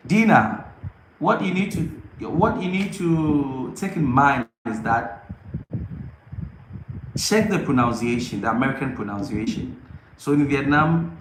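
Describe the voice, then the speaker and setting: An English teacher with a mid-range voice stages a mock lesson for young kids, calling out repeated words in a sing-song way, then quietly explaining and offering advice in between. He is recorded in an echoey room with faint noise.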